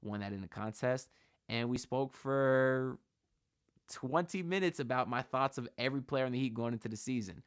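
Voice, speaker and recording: A man's voice: medium pitch, moderate pace, clear, resonant tone, no echo, studio quality. A man hosting a sports livestream, talking in a loose, slangy, hyped way and speaking to his chat. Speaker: host of a sports channel livestream. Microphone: shotgun mic on camera.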